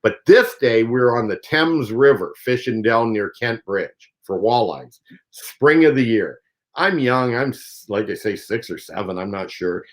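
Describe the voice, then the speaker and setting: A man's voice: mid-range voice, animated, unhurried, low-quality recording. A Canadian man, a professional angler, telling a story in a casual, rambling way with many fillers. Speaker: professional angler and show host.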